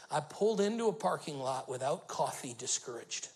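Gravelly-voiced man preaching a sermon. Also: mid-range voice, lively intonation, normal speed, low-quality recording. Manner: storytelling, rising to loud emphatic bursts. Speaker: lead pastor.

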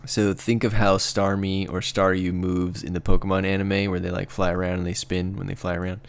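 A man with a very low, smooth and clear voice co-hosting a casual podcast. He explains his ideas at length with easy enthusiasm, in a relaxed conversational tone. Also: a little fast, no echo. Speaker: co-host.

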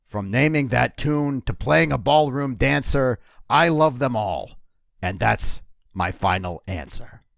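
A man putting on a monster voice to recite a comic ode slowly. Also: mid-range voice, lively intonation, vocal fry, a bit bright, no echo, clean studio sound, voice pushed up, heavily acted. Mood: grandiose. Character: Cookie Monster-style gravelly puppet monster reciting an ode.

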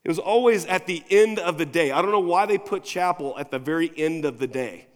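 A male pastor preaching a sermon in a casual, conversational way, moving between quiet asides and emphatic points. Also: a little high, fairly quick. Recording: long reverb of a large hall.

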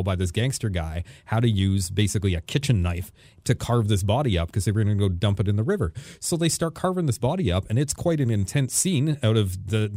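A man's voice: on the low side, warm tone, dry recording, clean studio sound. A man co-hosting a podcast, telling an exasperated story and acting out the people in it. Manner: exasperated, acts out people in his stories. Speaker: podcast co-host. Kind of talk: animated storytelling rant.

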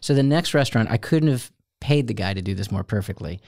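Animated middle-aged storytelling man. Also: mid-range voice, quick pace, no room sound, studio quality. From Ohio, USA. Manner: animated storyteller, acts out quoted voices. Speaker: co-host. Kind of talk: casual chat.

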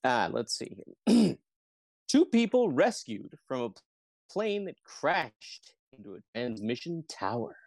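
A man hosting a casual podcast quiz game, reading out headlines slowly and laughing often. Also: mid-range voice, very animated, a little mellow, no echo, studio quality. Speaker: quiz host.

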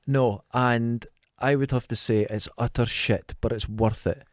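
A man's voice: mid-range voice, steady tone, measured pace, no room sound, clean studio sound. A Scottish man co-hosting a podcast, chatting casually and bluntly about a film with playful swearing. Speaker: podcast co-host. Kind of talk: casual film review chat.

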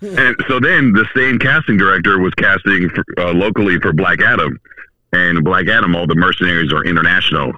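A man's voice: low-pitched, brisk, no echo, dull audio. A man, an actor calling in, telling a story in casual podcast chat with plenty of swearing. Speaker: guest caller, actor.

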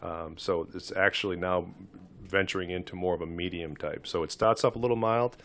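A man casually describing a cigar in a group chat, halting and full of restarts. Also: low voice, fairly even intonation, fairly bright tone. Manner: halting, with many restarts and fillers. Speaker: cigar reviewer.

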